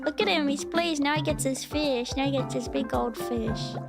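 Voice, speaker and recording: High-voiced, excitable woman streamer. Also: normal speed, gravelly, loud music behind the voice. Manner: excitable, giggly, chatty. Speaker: VTuber streamer. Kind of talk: reacting to videos on a live stream.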